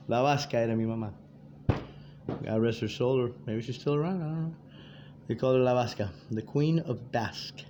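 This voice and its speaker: A man's voice: mid-range voice, moderate pace, mellow. A man in his fifties giving a rambling, profane, streetwise monologue to his viewers. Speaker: vlogger addressing viewers. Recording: dull lo-fi audio with faint background noise.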